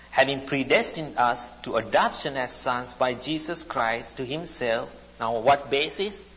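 A man's voice: mid-range voice, a bit bright, breathy edge. A man preaching a sermon, speaking emphatically and repeating his phrases. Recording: dull recording in a reverberant hall.

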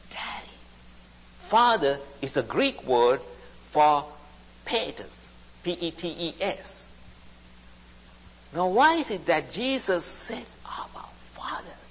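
A man's voice: sits high, a bit bright, breathy edge. A man preaching a sermon, speaking emphatically and repeating his phrases. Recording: dull recording in a reverberant hall.

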